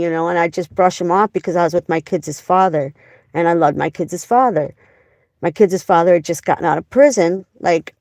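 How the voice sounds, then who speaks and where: A woman's voice: lowish voice, a little mellow, dry recording, clean studio sound. A woman in her forties from Wisconsin, telling rambling, profane stories on a casual livestream from a parked car.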